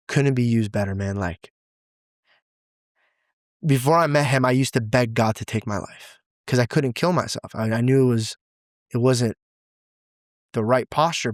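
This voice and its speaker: A young man gives an open, emotional interview as the guest, his words pouring out in loose casual slang. His voice sits at a middling pitch and sounds dry and close, with no room around it. He talks with real feeling and is near tears at times. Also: dry recording. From Assyrian heritage, grew up in a church. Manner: animated and expressive, says "dude" and "bro" a lot. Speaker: podcast guest. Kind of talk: emotional, candid interview talk.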